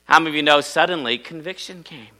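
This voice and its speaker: A man in the pulpit with a strikingly bright, forward voice. He preaches with dramatic swings, booming on key words, then dropping to quiet asides. He slips into little quoted voices to act out his stories. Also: fast. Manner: dynamic preacher, swings from loud emphatic bursts to quiet asides. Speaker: pastor. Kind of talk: sermon.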